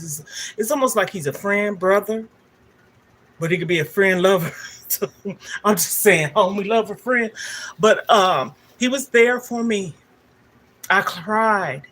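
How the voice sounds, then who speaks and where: A woman's voice: on the low side, a bit bright, slight background noise. An older woman, a livestream host telling a candid, emotional personal story straight to her viewers.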